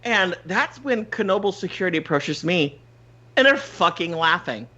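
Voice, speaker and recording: A podcast host telling a story in casual chat, animated, swearing freely and laughing often. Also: male voice, high-pitched, moderate pace, highs cut off.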